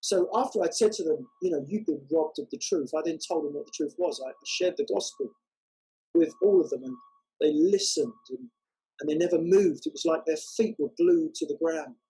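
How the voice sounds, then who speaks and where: A man telling a testimony story as a guest, unhurried and halting with many fillers. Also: fairly high pitch, warm tone, breathy edge, poor audio. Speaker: guest, walking evangelist.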